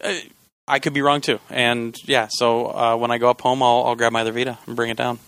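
A man co-hosting a gaming podcast, chatting casually, joking and swearing excitedly. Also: mid-range voice, fairly quick, clean tone, dry recording. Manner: animated, swears and jokes, excitable. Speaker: podcast co-host. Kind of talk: casual chat.

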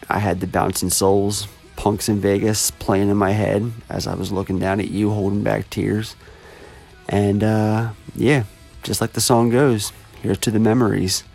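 Gravelly dude in his 30s hosting a podcast, sincere, kinda halting, soft music under. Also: on the low side. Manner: sincere, casual, slightly halting with fillers. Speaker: podcast host. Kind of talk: heartfelt birthday message and casual podcast chat.

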